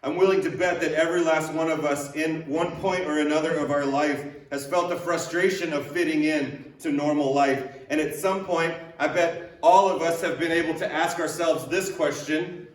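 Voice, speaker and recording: A man's voice: on the high side, fairly even intonation, moderate pace, slight background noise. A male pastor giving a sermon in a conversational way, using repeated rhetorical questions and light joking. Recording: echoey room, voice picked up from a distance.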